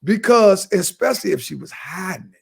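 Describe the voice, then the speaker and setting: A man in his fifties with a high, gravelly voice, co-hosting a casual podcast. He spins stories with lots of energy, swears freely and breaks into laughter. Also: moderate pace. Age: 50s. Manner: animated storyteller, swearing and laughing. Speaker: podcast co-host. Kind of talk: casual chat.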